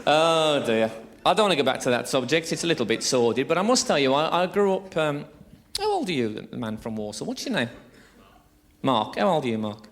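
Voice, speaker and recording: A man's voice: fairly high pitch, sing-song, a little fast. A man from England doing a chatty, crude live stand-up routine on a theatre stage, teasing the audience and laughing at his own jokes. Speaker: stand-up comedian.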